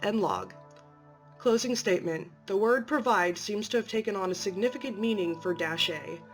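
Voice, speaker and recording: A woman narrating from a script in a clear, matter-of-fact way. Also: mid-range voice, lively intonation, moderate pace, soft background music.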